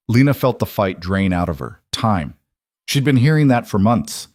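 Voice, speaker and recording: A man narrates a story in a steady, scripted way. His voice is on the low side for a man. The recording is close and dry, with no room sound. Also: moderate pace, no room sound.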